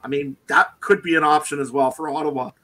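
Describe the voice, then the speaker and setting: A man's voice: fairly high pitch, fairly even intonation, a little fast, pushed and bright. A man co-hosting a sports podcast, giving opinions on players with frequent "I mean" hedges. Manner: opinionated, hedging with "I mean" and "to be honest". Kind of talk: casual sports chat.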